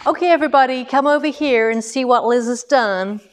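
A woman imitating an American quilting teacher who gives brisk, matter-of-fact instructions. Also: high-pitched, clean tone, voice pushed up, lightly acted. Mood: teasing.

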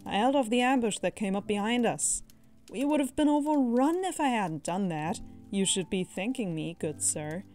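A woman's voice: medium pitch, lively intonation, moderate pace, darkish tone, faint music behind, close to an everyday voice. A woman voicing a cowardly, boastful male half-elf thief who talks in a theatrical, overconfident way. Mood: smug.

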